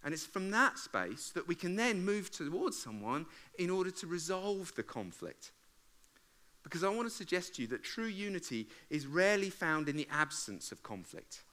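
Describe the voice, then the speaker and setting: This is a man in his forties preaching to a church congregation. His voice is fairly high for a man and very bright, and his pitch swings widely. He keeps things conversational and funny, breaking into loud acted-out arguments. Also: moderate pace. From England. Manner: animated, acts out arguments with loud outbursts; humorous, conversational. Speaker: pastor. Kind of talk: sermon. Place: church service before a congregation.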